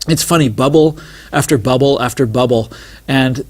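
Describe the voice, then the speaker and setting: A man talking as an author and interview guest, animated and digressive, with many asides and restarts. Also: medium pitch, normal speed, a little hiss or hum. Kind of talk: casual interview talk.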